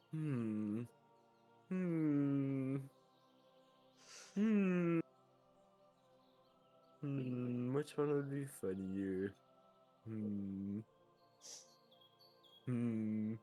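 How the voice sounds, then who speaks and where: A young man playing a game with a friend, teasing him, laughing and pondering out loud. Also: mid-range voice, drawn-out words, pauses often, faint music behind. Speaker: gamer's friend making choices. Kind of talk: casual let's-play chat.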